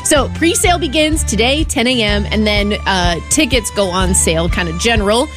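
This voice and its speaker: A woman's voice: mid-range voice, expressive, normal speed, over music. A woman hosting a radio show, upbeat and promotional, announcing an event. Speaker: radio host.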